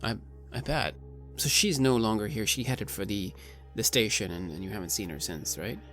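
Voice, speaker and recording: A man's voice: lowish voice, normal speed, fairly bright tone, faint music behind. A man playing a tabletop game, speaking hesitantly with stammered restarts. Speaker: player.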